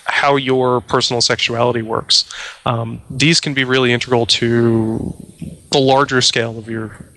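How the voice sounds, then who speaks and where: A man's voice: medium pitch, fairly bright tone, low-quality recording. A man co-hosting a podcast, explaining ideas at length in a rambling, thoughtful way. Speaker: podcast co-host. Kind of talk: casual discussion.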